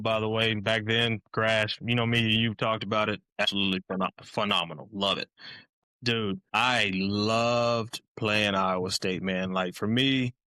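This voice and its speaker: A man's voice: on the low side, no echo. A man, a former college football player, telling casual stories as a podcast guest and often adding "man". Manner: animated, keeps saying "man". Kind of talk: casual storytelling.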